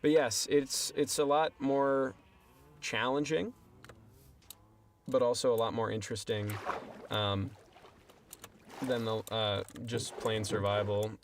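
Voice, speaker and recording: Over slight background noise, a young male streamer drifts through casual game-stream chatter, making fun of himself for his audience. He speaks slowly in a mid-range voice with fairly even intonation, leaving long pauses.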